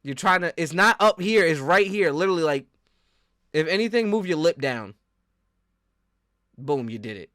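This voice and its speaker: A man's voice: on the high side, moderate pace, long pauses, no echo, studio quality. A man hosting a casual podcast, rambling loosely with lots of "like" and teasing his co-host. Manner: loose, rambling, heavy use of "like"; animated, teasing coaching. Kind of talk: casual chat.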